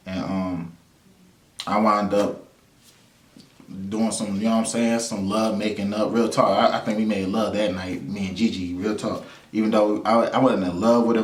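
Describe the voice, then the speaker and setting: Laid-back man telling a story, roomy and distant. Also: on the low side. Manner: loose, animated storytelling with frequent laughs and repeated phrases. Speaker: vlog host telling personal stories. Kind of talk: casual storytelling monologue. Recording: roomy sound from a distance to the mic.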